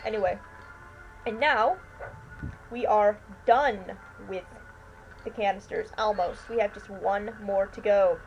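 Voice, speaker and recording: A woman's voice: medium pitch, slow, long pauses, dull audio, faint music behind. A tired, yawning woman giving rambling, chatty commentary while she plays a video game. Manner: chatty, rambling, keeps saying "anyway". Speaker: let's player. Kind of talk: casual gameplay commentary. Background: faint washing machine hum.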